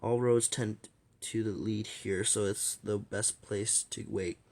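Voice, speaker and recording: A man plays an earnest young tigress, gentle and sincere in her speech. The voice stays low, with a gravelly, creaky texture. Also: steady tone, slow pace, exaggerated voice.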